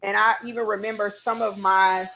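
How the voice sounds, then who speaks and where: A woman's voice: mid-range voice, little pitch movement, moderate pace, bright, forceful tone, slight background noise. A woman hosting a casual cooking show, bubbly and exclamatory, chatting straight to her viewers as she cooks.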